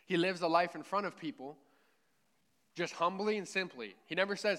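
A male pastor delivers a sermon in a relaxed, conversational tone, often pausing to ask his listeners "right?". His voice sits a little high for a man and comes through smooth and clear. He preaches from a church. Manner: conversational, frequent "right?" check-ins.

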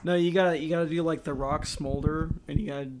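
A man's voice: on the high side, steady tone, fast, noisy background. A man co-hosting a podcast, chiming in with enthusiastic details and jokes in casual chat about a movie. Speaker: podcast co-host.

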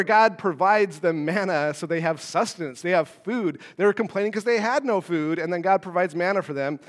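A man's voice: high-pitched, big-room sound. A man preaching a sermon as pastor, playful and joking between scripture readings. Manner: playful, jokey asides.

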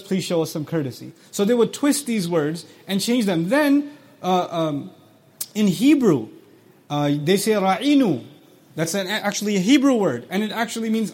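A high-pitched male voice with lively intonation and a darkish tone belongs to a Quran teacher giving a scripture lecture. He breaks down words and quotes brief Arabic passages, recited rapidly between his English explanations, while questioning his audience and dramatizing quoted speech.

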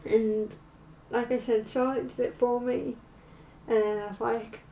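A woman vlogger telling a personal story in a halting way, full of fillers. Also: on the high side, little pitch movement, gravelly, highs cut off, slight background noise. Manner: halting, slow, with many fillers. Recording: roomy, distant mic.

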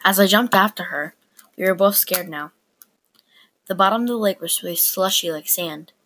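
A woman reading a personal story aloud in a plain, unhurried way with small stumbles. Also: mid-range voice, a bit bright.

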